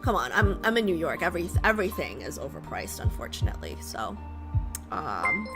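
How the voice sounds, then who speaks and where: Loud music plays behind a woman streamer with a fairly low, very animated voice that runs a little fast. Broadcasting from home in New York, she chats casually and rambles with her viewers, often putting questions to them.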